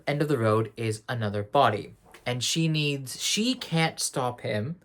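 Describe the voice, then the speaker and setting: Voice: mid-range voice, a bit bright. A speaker giving a casual spoiler review of a TV finale, rambling and slangy, often correcting and restarting mid-sentence. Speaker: TV series reviewer.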